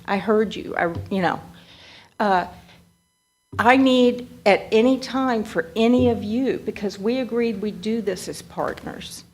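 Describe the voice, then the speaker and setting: A woman speaks before a county court in a chatty way, breaking off and restarting her sentences. Her pitch is average for a woman. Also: unhurried, faint music behind. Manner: chatty, self-interrupting. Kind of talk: public meeting remarks. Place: county meeting room.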